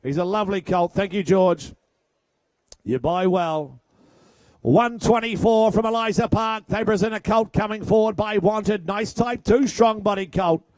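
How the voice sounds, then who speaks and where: A man working as an auctioneer at a horse sale, calling bids in a fast rhythmic chant with chatty asides. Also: high voice, a little mellow, no room sound. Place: sale ring.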